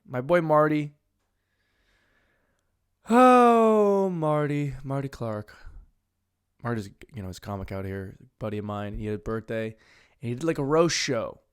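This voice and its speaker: Speaking at a medium pitch, this young podcast host runs a one-man comedy show. His humor is crude and self-mocking, and he drifts between muttered side comments and sudden loud outbursts.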